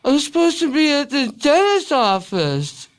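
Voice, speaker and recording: A woman improvising a dazed, drugged dental patient with a gauze-filled mouth who talks in a slow, slurred, confused way. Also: high-pitched, sing-song. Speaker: podcast guest character. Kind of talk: improvised comedy character.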